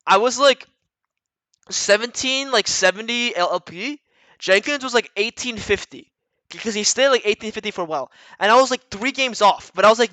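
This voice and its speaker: A man's voice: high voice, normal speed, pushed and bright, no echo. A man giving blunt, profane, rambling coaching talk to viewers in a casual livestream chat. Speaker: retired pro gamer coaching viewers.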